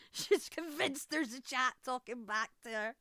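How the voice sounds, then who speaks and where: A woman's voice: high voice, a little slow, pushed and bright, no echo. A woman in her thirties with an Edinburgh Scottish accent, reacting on stream in a chatty, exclamatory way with frequent swearing, speaking into a studio mic at home. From Scotland, Edinburgh. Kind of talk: casual reaction commentary. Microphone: Shure studio mic.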